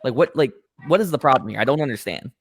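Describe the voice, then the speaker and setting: A man's voice: medium pitch, fast. A man hosting a podcast who tells a long story, acting out every character's lines with plenty of swearing. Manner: animated storyteller who acts out both sides, profane. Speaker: podcast host. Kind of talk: casual storytelling chat.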